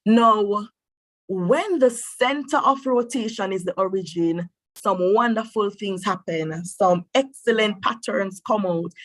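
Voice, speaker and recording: A woman's voice: mid-range voice, dry recording. Encouraging woman teaching an online maths class. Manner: encouraging, thinks aloud with drawn-out hmms. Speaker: mathematics teacher.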